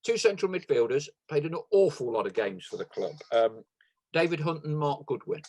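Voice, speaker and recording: A man's voice: fairly high pitch, very animated, moderate pace, a little mellow. A man hosting a podcast, asking hesitant questions with many fillers. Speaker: podcast host. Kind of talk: casual interview.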